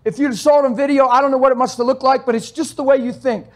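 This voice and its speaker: With an extremely high-pitched voice and fast delivery, a man preaches a sermon through stories. He swings animatedly between loud exhortation and soft asides, often laughing as he goes.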